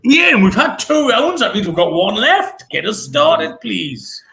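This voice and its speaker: A British man hosting a comedy pun contest with a high, bouncing voice. His tone is bright and gravelly, and he stretches his words out in a playful way. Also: sing-song, a little hiss or hum. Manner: playful, laughing, drawn-out words. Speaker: comedy show host.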